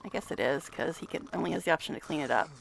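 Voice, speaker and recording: A woman's voice: deep voice, rapid-fire, creaky, slight background noise. A woman giving casual gameplay commentary, chatty, talking to the game characters, swearing and laughing often. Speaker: gamer vlogger.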